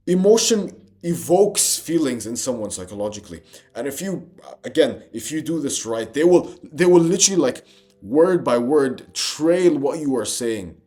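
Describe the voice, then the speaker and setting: A man's voice: mid-range voice, darkish tone. A young man giving a motivational self-improvement monologue, intense and emphatic, swearing and calling the listener bro.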